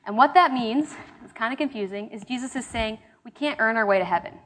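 A woman's voice: on the high side, fairly quick, fairly bright tone. Conversational woman leading Bible study. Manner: conversational, with fillers and restarts. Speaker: small-group Bible study leader. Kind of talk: casual sermon teaching.

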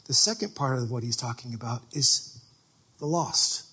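A male pastor giving a conversational, animated sermon, acting out everyday people as he goes. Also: mid-range voice, moderate pace, husky.

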